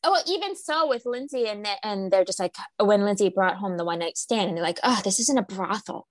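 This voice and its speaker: A young woman co-hosting a podcast, chatting casually and animatedly about reality TV, her pitch jumping up when she quotes people. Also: expressive, brisk, no echo. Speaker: podcast co-host.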